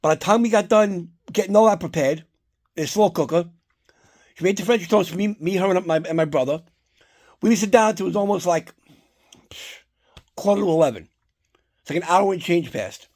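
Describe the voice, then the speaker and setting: A man's voice: sits high, fairly quick, long pauses. A man from New Jersey telling a long, rambling story about his holiday routine, swearing often and getting worked up. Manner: rambling, profane, animated when annoyed. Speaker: collector vlogger. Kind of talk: casual chat, storytelling.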